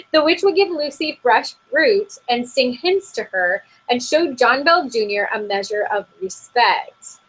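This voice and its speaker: A woman's voice: fairly high pitch, lively intonation, unhurried, a bit bright, breathy edge, rough recording. A woman co-hosting a podcast, reading a spooky story from an article in a casual, giggly way and often saying "like". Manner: giggly, heavy use of "like". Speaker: podcast co-host. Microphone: remote call.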